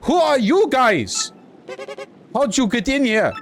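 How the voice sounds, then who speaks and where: A man's voice: slow pace, exaggerated voice. A man voicing dopey young male enemy foot soldiers who talk in surfer-dude slang while he reads game dialogue aloud. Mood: bickering. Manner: squeaky, excitable, bickering.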